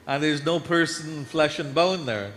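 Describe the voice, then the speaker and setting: A man giving a storytelling sermon at a temple, lively as he acts out the scenes. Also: fairly high pitch, unhurried. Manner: lively storyteller, voice climbs when acting out scenes. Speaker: temple speaker telling devotional stories. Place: temple hall. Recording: echoey hall with faint background noise.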